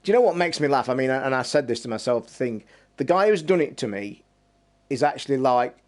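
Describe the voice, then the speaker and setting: Brief: man, 50s, streamer host, passionate swearing rant, slow stressed emphasis. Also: mid-range voice, expressive. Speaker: podcast host.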